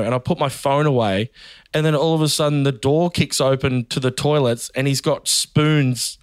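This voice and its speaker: An Australian man in his thirties chats as a podcast guest, telling lively comic stories and breaking into laughter. His voice is smooth and resonant. The sound is close and dry, with no room around it. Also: medium pitch, moderate pace, no echo. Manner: animated storytelling, laughs often. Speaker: guest comedian. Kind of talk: casual podcast chat.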